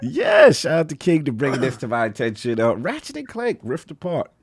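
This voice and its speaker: A man hosting a gaming podcast, running through news items with plenty of fillers. His pitch moves around a lot, and the sound is close and dry. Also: brisk, husky, no echo. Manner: lively, hypes friends, reads news with fillers. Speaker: podcast host. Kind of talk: casual podcast news rundown.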